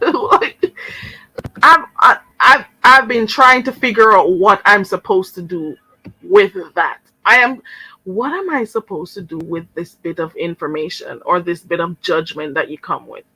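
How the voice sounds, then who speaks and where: A woman's voice: fairly low pitch, animated, a little slow, bright, forceful tone, slightly rough, no echo, rough recording. A young woman hosting a live stream, talking to viewers in an indignant, sarcastic way with mocking mimicry. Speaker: channel host.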